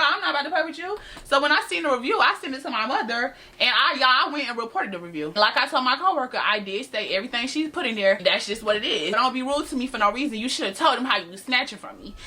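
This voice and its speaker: An eighteen-year-old woman talks straight to her viewers in an animated storytime vlog. Her voice sits a little high and sounds bright and forceful. She tells the story with sass and a lot of back-and-forth. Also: slight background noise. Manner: animated, sassy, addresses viewers as y'all. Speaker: vlogger.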